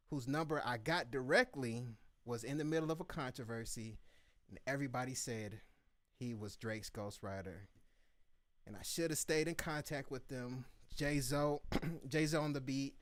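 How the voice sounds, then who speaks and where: A man hosting a live beat review show, telling a story in casual chat and acting out the quotes with lively voices. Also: medium pitch, dry recording.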